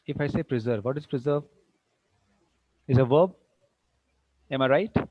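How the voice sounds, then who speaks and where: A man's voice: medium pitch, moderate pace, dry recording. A man teaching English grammar to a class, quizzing the students and mixing in Hindi. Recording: dull dry classroom recording.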